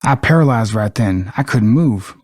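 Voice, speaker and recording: A man's voice: fairly low pitch, expressive, moderate pace, a little mellow, no room sound, studio quality. A man voicing a terrified young male fisherman with a put-on Southern US accent, blunt and coarse, in a podcast reenactment. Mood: stunned.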